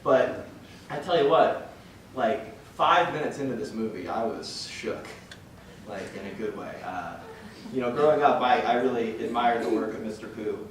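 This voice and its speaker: With an expressive, mid-range voice at ordinary speed, a young man addresses a church group as a parish guest speaker. He's earnest and emotional about his faith, rambling along, starting sentences over, and chuckling. The noisy recording comes from far away in a heavily echoing hall.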